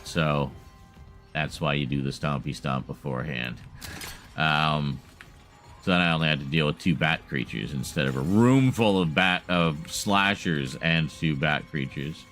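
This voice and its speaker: A man's voice: a bass voice, a little slow, a bit bright, faint music behind. A man giving casual, chatty live commentary as he streams a horror game, wry and laughing at himself, with light swearing. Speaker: gaming streamer.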